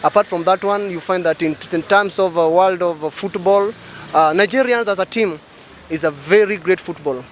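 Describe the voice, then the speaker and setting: A man's voice: high voice, normal speed, a little hiss or hum. A man answering street interview questions, hesitating often with fillers. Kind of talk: street vox pop.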